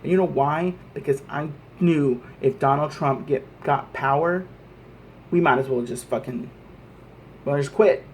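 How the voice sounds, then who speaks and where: A man's voice: on the high side, unhurried, slight background noise. Heated, cursing man ranting to camera. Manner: heated, profane, repeats himself. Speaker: vlogger. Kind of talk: angry political rant to camera.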